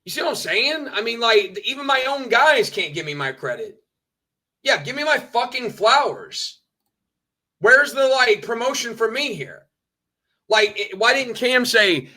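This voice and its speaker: High, bright-voiced man ranting. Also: big pitch swings, unhurried. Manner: petty, indignant, swearing, mocking. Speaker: streamer reacting to clips. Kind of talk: ranting commentary.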